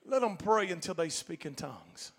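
A pastor delivers a Pentecostal sermon in a folksy, colloquial style, swinging between quiet asides and loud, shouted preaching. His voice is high and expressive at a normal speed, with a congregation faintly audible behind him.

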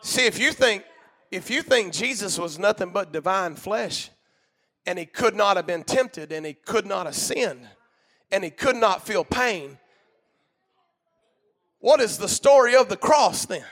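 Fiery high-pitched preacher man, bright voice. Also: expressive, measured pace. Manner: shouting in bursts, call-and-response cadence, drops to low murmurs. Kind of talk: fiery church sermon.

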